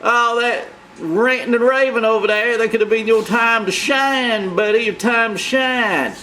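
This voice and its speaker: A man's voice: very high voice, unhurried, pushed and bright, a little hiss or hum, pitched above the performer's own voice, exaggerated voice. A man doing a snappish, scolding crow puppet. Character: cranky hot-tempered male crow puppet. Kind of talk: comic puppet banter.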